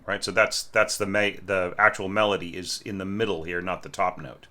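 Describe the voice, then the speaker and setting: A man's voice: sits low, flat delivery, moderate pace, few pauses, sharp tone. A man giving a casual spoken critique of a student's orchestration, often ending points with "right?" and singing phrases to show them. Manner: frequent "right?" tag questions, hesitant restarts, sings phrases. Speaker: orchestration teacher reviewing student scores.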